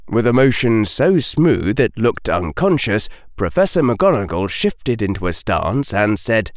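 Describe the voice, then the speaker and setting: A man narrating an audiobook in an expressive, dramatic manner. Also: lowish voice, a little slow, no room sound, clean studio sound.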